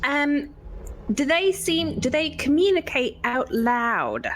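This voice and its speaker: A woman's voice: sits high, big pitch swings, slow pace. A woman playing a tabletop game, chatting casually and joking as she asks questions. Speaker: player.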